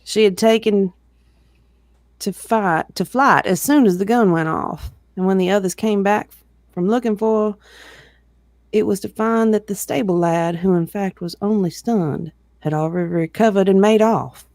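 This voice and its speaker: An expressive reader narrates a novel aloud, pausing to chuckle with friends between passages. The voice sits at a middling pitch and is recorded dry and close, with no room echo. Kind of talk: reading a novel aloud with banter.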